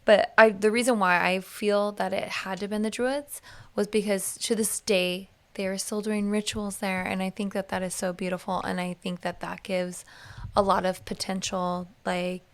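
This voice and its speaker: A woman's voice: mid-range voice, little pitch movement, normal speed. A woman co-hosting a podcast, chatting casually and enthusiastically, teasing her co-host and laughing easily. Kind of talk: casual chat.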